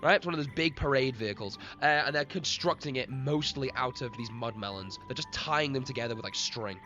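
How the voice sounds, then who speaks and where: A man's voice: medium pitch, brisk. A man narrating a live-streamed tabletop game as game master, rambling, laughing often and talking to chat. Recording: lo-fi stream with faint music.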